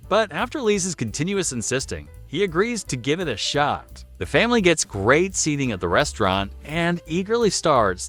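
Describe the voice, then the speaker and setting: A man's voice: on the high side, a bit bright. A man narrating an episode recap with chatty, offhand asides. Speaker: video narrator.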